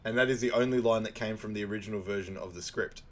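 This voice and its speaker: Laid-back man recapping a movie. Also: quick pace. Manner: jumps into loud high voices for movie quotes, laughs often. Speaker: podcast co-host. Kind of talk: casual movie recap chat.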